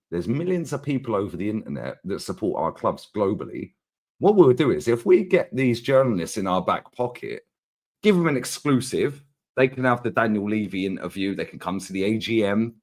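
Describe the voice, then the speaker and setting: Low-pitched man, animated slangy ranter, co-host of a football chat show. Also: brisk.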